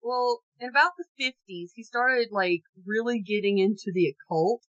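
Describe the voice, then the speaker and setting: A woman co-hosts a casual true-crime podcast, recounting the tale with sarcasm, asides and the odd swear word. Her voice is bright and sits a little high. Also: low-quality recording. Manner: sarcastic, jokey storytelling with swearing. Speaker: podcast co-host.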